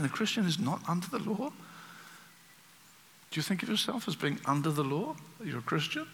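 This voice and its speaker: A man delivers a sermon in a church, his voice fairly high and bright. He talks in an animated way and acts out the voices he quotes. The sound carries a long hall reverb. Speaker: preacher.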